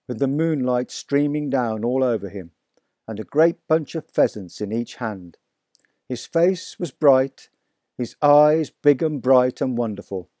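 A man narrating a children's story aloud in a vivid, expressive reading. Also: mid-range voice, dry recording, clean studio sound. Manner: slow, deliberate, vivid storytelling. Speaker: audiobook narrator.

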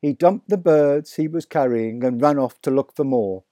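A man narrating a children's story aloud in a vivid, expressive reading. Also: medium pitch, dry recording, clean studio sound. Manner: slow, deliberate, vivid storytelling. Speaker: audiobook narrator.

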